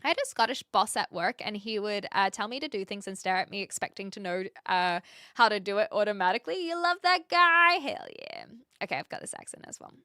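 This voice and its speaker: A woman's voice: medium pitch, big pitch swings, a little fast, pushed and bright, clean tone, dry recording, clean studio sound. A woman hosting a livestream, chatting casually with viewers in a rambling way, full of fillers and little laughs. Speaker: livestream host.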